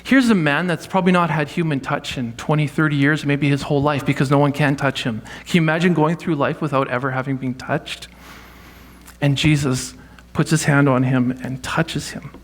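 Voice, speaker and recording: Man, pastor, conversational sermon, fairly high voice, animated delivery. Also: moderate pace. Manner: conversational, animated teaching with acted quotes. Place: church sanctuary.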